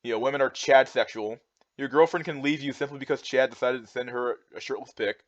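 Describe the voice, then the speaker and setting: Fairly quick and at a medium pitch, a young man rants heatedly in reaction to charts. His monologue is repetitive and rambling, heavy on fillers and restarts. It's a dry recording with a dull, lo-fi quality.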